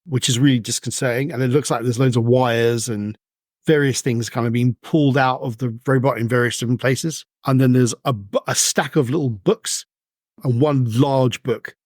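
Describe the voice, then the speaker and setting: A man's voice: mid-range voice, fairly even intonation, moderate pace, a little mellow, dry recording, studio quality. A man narrating as game master of a tabletop role-playing game, describing scenes in a loose, rambling way with many fillers.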